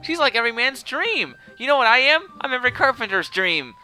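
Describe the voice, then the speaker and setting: This is a brash, sassy teenage girl adventurer, read in a pitched-up, bratty voice by a man doing her lines. She scolds and brags in big, swooping lines. Her voice is bright and sharp, with faint game music behind her. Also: sing-song, brisk, exaggerated voice, poor audio. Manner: scolding, boastful, exaggerated.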